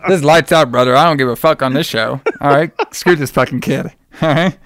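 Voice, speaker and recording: A man co-hosting a casual movie recap podcast, joking and swearing a lot, and acting out characters in a high voice. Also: fairly quick, fairly bright tone, slight background noise. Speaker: podcast host.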